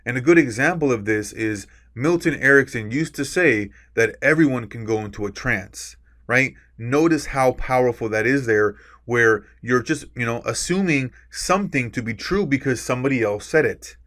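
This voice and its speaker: A man's voice: mid-range voice, expressive, moderate pace, few pauses, a bit bright. A man teaching a recorded course lecture. He explains with examples, stresses key words on purpose and often adds a tag "right?". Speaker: course instructor.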